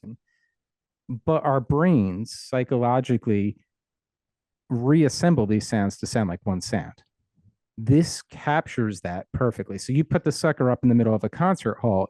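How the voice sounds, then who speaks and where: Middle-aged male audio engineer guest, relaxed warm tone, dry close sound, keen and plain-spoken. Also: mid-range voice, no room sound. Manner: enthusiastic, explains technical ideas plainly with self-aware humor. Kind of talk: casual explanatory interview.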